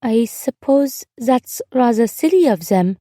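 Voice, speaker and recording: A woman narrator voicing a timid, earnest ten-year-old girl who speaks hesitantly and slowly. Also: a little high, dark tone, dry recording, clean studio sound. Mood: shy, tentative. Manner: hesitant, slow and careful.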